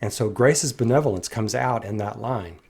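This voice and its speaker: A man's voice: lowish voice, normal speed, vocal fry, darkish tone, slightly rough. Earnest man musing on song lyrics. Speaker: music commentator. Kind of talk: reflective song commentary.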